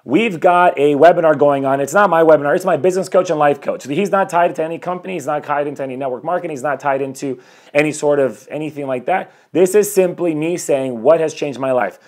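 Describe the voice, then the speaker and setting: His voice on the high side and fast, a forties-aged life coach broadcasts a motivational live stream from home. He greets people as they join, then launches into energetic, somewhat rambling preaching about bettering yourself.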